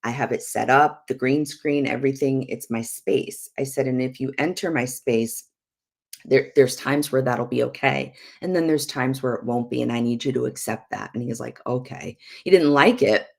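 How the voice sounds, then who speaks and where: A middle-aged woman, a prophetess hosting a live church TV show, teaching through animated stories, laughing and acting out what was said. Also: very deep voice, normal speed, vocal fry. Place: home office.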